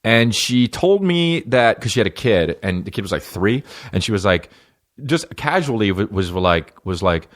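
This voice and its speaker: On a solo comedy podcast, a man with a lowish, sing-song voice reads fan questions aloud at a moderate pace. He riffs on them with sarcasm and profanity, slipping into mocking voices.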